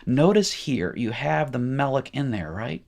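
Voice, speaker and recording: A man's voice: medium pitch, expressive, a little slow, creaky, darkish tone. A man teaching a recorded language lesson in a chatty, informal way, with joking asides. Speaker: Hebrew teacher. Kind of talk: recorded lecture.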